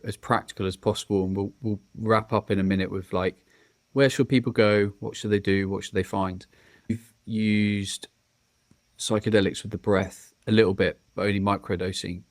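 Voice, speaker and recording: A man's voice: low voice, dry recording. A man hosting a podcast, asking curious questions and reacting appreciatively. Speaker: podcast host. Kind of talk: casual interview chat.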